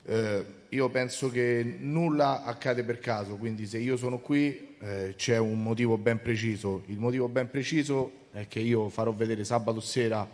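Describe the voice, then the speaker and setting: A man's voice: medium pitch, steady tone, normal speed, hardly any pauses, darkish tone, in a large hall. A man from Rome, a fighter speaking with determined confidence at a press conference. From Rome, Italy.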